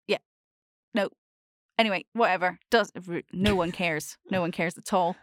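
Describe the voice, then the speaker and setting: A young woman with a soft Scottish accent chatting casually as a podcast host, rambling, candid and freely swearing. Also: fairly low pitch, moderate pace, dry recording, studio quality. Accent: soft Scottish, Edinburgh-like. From born in Australia, raised between Scotland and Australia. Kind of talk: casual chat.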